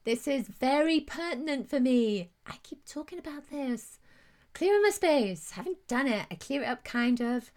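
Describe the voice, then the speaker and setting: A woman's voice: sits high, lively intonation, moderate pace, darkish tone. A woman hosting a live angel card reading, gushing and soothing, reading viewer comments aloud and at times close to tears. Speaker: intuitive card reader hosting a live stream.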